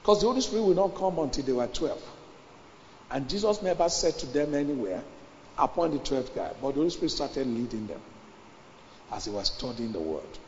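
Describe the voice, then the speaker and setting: A man preaching a sermon, emphatic, repeating his phrases and building up to shouts. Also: a little high, expressive, fairly quick, a little hiss or hum. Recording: reverberant hall, dull lo-fi sound.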